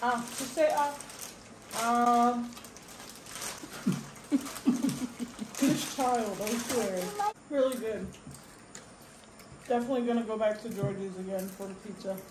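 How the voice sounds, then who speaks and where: A woman's voice: on the high side, slow, long pauses. A woman hosting a family vlog, chatting casually as she tastes and describes dishes at a restaurant table. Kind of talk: casual food review chat. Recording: echoey room with background noise.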